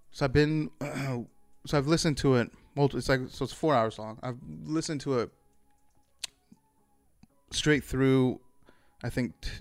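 A man's voice: mid-range voice, dry recording. A man hosting his own podcast in a loose, rambling chat, full of fillers and casual swearing. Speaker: solo podcast host.

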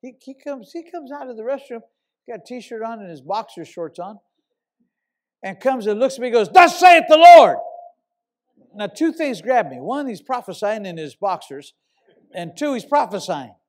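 A man's voice: sits high, animated, normal speed, darkish tone. A middle-aged man, a pastor, preaching a sermon and telling a story with emphatic, repeated words.

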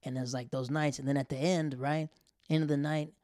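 A young man casually telling a personal story, acting out quoted lines with sudden loud high bursts and dropping to near whispers for embarrassed asides. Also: fairly even intonation, brisk, no room sound, clean studio sound.

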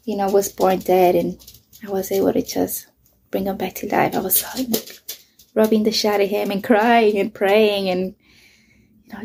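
A woman's voice: mid-range voice, flat delivery, moderate pace, creaky, warm tone, slightly rough. A woman in her thirties, speaking bluntly and with lots of swearing, who often drops to a whisper while telling her story. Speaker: vlogger. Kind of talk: casual storytelling.

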